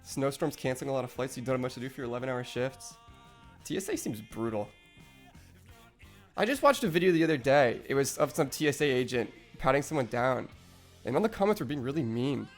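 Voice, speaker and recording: A man's voice: medium pitch, expressive, fast talker, soft background music. A young man streaming live, rambling in casual, profane chat with lots of restarts.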